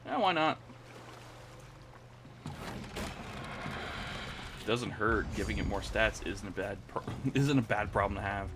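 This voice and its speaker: A young man giving casual commentary while playing a card game, reacting with sudden high-pitched exclamations. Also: unhurried, long pauses, background noise. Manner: animated, jumps into high squeaky exclamations. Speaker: gaming channel host.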